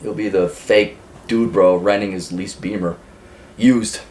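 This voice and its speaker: A man's voice: on the low side, steady tone, a little slow, a little mellow. A man hosting a podcast, giving blunt, rambling, profane advice with frequent laughs.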